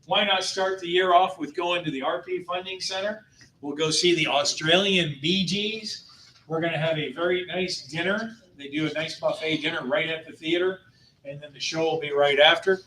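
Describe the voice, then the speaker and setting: A man in his fifties, a tour company host, announces upcoming trips at a travel club meeting in a jokey, upbeat way, laughing between items. His voice sits on the high side, bright and forceful, with fairly even intonation at a normal speed. Recorded from far off in an echoey meeting room, the clip has a little hiss or hum.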